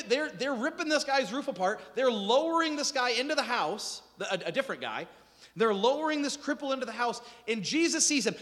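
A man preaching a sermon in a church, animated and joking as he acts out scripture quotes. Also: extremely high pitch. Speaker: pastor. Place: church sanctuary. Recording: reverberant hall.

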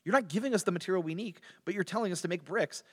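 A man voicing an overworked foreman, raising his pitch to plead and complain in exasperation. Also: racing, slightly rough. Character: desperate overworked male slave foremen, pleading. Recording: long hall reverb.

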